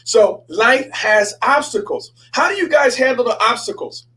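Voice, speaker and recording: A man, a pastor hosting a show, telling a story in a lively sermon style, repeating himself and stumbling over words as he goes. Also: very high-pitched, normal speed, rough recording. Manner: animated, repeats himself and stammers.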